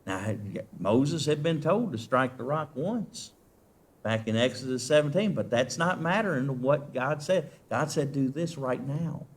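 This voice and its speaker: Delivering a sermon, a male preacher questions his congregation and moves between loud, emphatic passages and very soft, hushed ones. He speaks unhurriedly in an expressive, medium-pitched voice.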